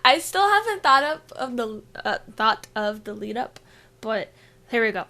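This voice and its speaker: A woman's voice: on the high side, very animated, moderate pace, bright, forceful tone. A woman co-hosting a casual gaming podcast remotely, giggly and playful. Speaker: podcast co-host. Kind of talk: casual chat. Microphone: remote call, own mic.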